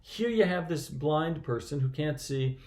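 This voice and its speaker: A man's voice: on the high side, animated, unhurried, a little mellow. A man reading a scripture passage and then reflecting on it in an earnest, conversational way, often restarting his sentences. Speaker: church reflection speaker.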